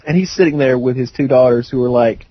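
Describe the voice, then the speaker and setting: A man's voice: medium pitch, fast talker. A young man on a podcast, telling a story casually with lots of fillers and restarts. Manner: rambling, filler-heavy storytelling. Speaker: podcast co-host. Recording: muffled lo-fi podcast audio.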